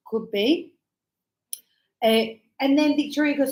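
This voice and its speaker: High lively aussie woman teaching english, acts out examples, echoey room. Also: a little slow, long pauses. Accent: Australian. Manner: lively, explains with acted examples. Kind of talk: live grammar lesson.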